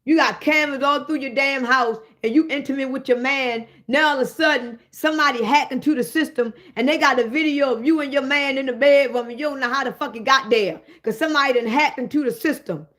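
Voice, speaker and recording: A woman hosting a comedic rant, profane and animated, talking straight to her listeners. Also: high-pitched, a little fast, few pauses. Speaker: host.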